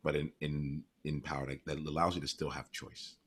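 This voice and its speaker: Very deep, husky male coach. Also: flat delivery, brisk, fairly bright tone. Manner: curious, probing questions with many fillers and restarts. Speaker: life coach. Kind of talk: live coaching session.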